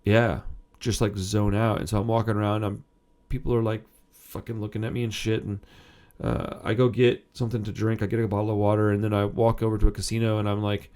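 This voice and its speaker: A man's voice: on the low side, little pitch movement, fast talker, a little mellow. A man in his thirties hosting a punk music channel, telling a personal story in a rambling, self-interrupting way and swearing casually.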